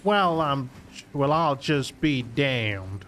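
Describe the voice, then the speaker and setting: A man voicing a gruff Old West cowboy with a swaggering drawl. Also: medium pitch, expressive, very slow, a bit bright, a little hiss or hum.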